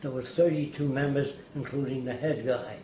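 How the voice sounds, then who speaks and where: A man's voice: medium pitch, fairly even intonation, moderate pace, mellow. An older man being interviewed, telling anecdotes emphatically and acting out the people he quotes. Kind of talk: anecdotal storytelling. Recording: roomy echo, faint noise.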